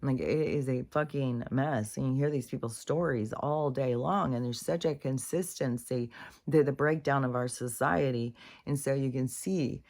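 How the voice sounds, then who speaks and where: A woman's voice: very deep voice, normal speed, darkish tone. A woman in a casual spiritual monologue, speaking candidly, swearing freely and restarting her sentences.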